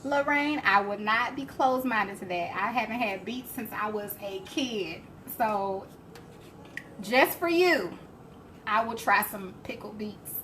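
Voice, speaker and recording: A woman's voice: mid-range voice, a little slow, fairly bright tone. A woman hosting a live cooking stream, chatting and laughing as she answers viewer comments. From Alabama, US. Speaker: cooking show host. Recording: faint background noise.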